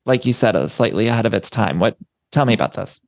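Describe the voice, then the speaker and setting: A male podcast host who gushes over his guest and steers the chat with quick asides. His voice is recorded close and dry, with almost no room sound around it. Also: lowish voice, lively intonation, creaky, no room sound. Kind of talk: casual interview chat.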